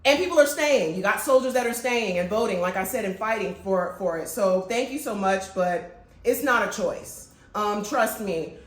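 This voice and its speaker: A woman's voice: medium pitch, expressive, moderate pace. Blunt, emphatic woman in an echoey room. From Florida, USA. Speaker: podcast co-host. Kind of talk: casual chat.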